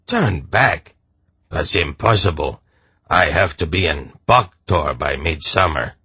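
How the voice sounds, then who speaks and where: A man's voice: low voice, animated, slow pace, sharp tone, slightly rough, no echo, full character voice. A man voicing a rangy, easygoing merchant who talks in an offhand, chatty way. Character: rangy, easygoing male merchant, shrewd and talkative.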